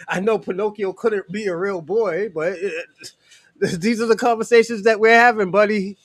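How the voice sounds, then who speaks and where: High-voiced casual, profane male streamer. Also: steady tone, slow, pauses often, no room sound. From United States. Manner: loose and profane, fillers "you know", chuckles often. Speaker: streamer answering chat. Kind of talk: casual livestream chat.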